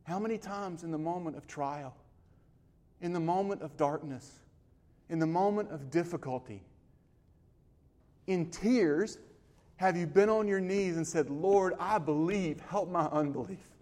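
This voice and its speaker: Male pastor, higher-pitched voice, earnest sermon delivery that rises to passionate emphasis. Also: a little slow, long pauses, dark tone. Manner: earnest, builds to impassioned emphasis; quotes scripture with verse references.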